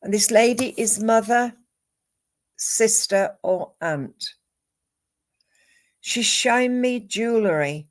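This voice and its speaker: A woman giving a live psychic reading, calm and measured, listing names and images one at a time. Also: on the high side. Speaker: psychic medium.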